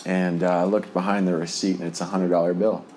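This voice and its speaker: A man's voice: low-pitched, level tone, fairly quick, darkish tone, a little hiss or hum. A man from New Jersey telling his recovery testimony in a rambling way, with many fillers and frequent chuckles. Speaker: speaker sharing a recovery testimony. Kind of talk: personal testimony storytelling.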